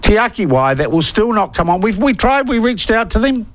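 A middle-aged man with a New Zealand accent hosting a talkback radio show, ranting with forceful indignation. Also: sits high, sing-song, moderate pace, no echo. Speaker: talk radio host. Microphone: studio microphone.

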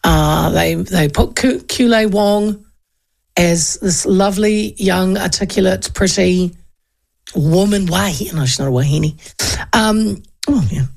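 A chatty New Zealand woman in her fifties hosts a talk radio show, her voice carrying a gravelly edge of fry. She rambles from point to point, telling stories with plenty of asides. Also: on the low side, takes it slowly, darkish tone. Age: 50s. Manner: chatty, digressive, acts out quoted talk.

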